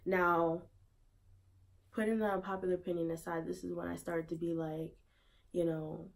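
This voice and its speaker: A woman's voice: fairly low pitch, little pitch movement, normal speed, creaky. A woman giving her opinion casually in a vlog, repeating rhetorical questions in disbelief. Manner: conversational, with fillers. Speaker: vlogger.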